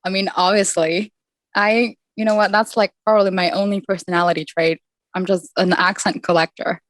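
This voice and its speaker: A woman's voice: mid-range voice, flat delivery, moderate pace, dry recording. A young woman with a mixed American and British accent, hosting a podcast in casual, giggly, self-mocking chat with frequent restarts. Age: young adult. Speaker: podcast host.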